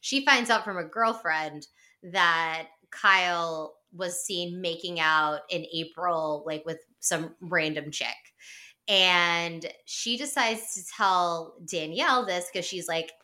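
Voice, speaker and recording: Bright-voiced woman rambling through a recap. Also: fairly low pitch, slow. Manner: rambling, filler-heavy storytelling with lots of "like". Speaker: podcast co-host. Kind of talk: casual reality-show recap chat.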